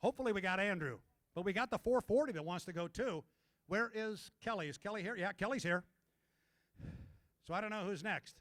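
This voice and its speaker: A man calling live boat race commentary, excited and shouting as the action peaks. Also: high-pitched, fairly quick, long pauses. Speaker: race announcer.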